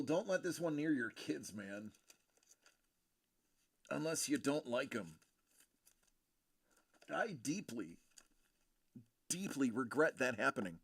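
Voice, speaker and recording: A man doing casual live-stream commentary while opening collectible cards, joking and reacting loudly. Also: on the high side, breathy edge, no echo, clean studio sound.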